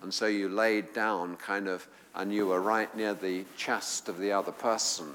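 A man's voice: lowish voice, little pitch movement, moderate pace, a bit bright, slight background noise. A man preaching a sermon to a congregation, emphatic and rising to fervent appeals. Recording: long hall reverb.

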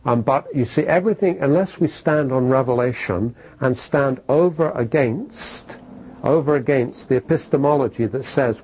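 A man's voice: medium pitch, moderate pace, darkish tone, a little hiss or hum, low-quality recording. A man preaching a sermon, repeating phrases for emphasis and asking his listeners questions.

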